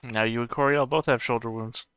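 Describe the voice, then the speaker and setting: A man's voice: medium pitch, fairly even intonation, a little fast, a bit bright, clean tone, no echo. A man playing a tabletop game, joking wryly about his character and the others. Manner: wry, joking. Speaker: player.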